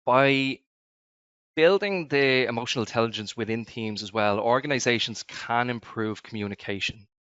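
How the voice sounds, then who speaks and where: Male webinar host, mid-pitched, measured delivery, dull dry call audio. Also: a bit bright, clear, resonant tone, no echo. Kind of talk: semi-scripted webinar presenting.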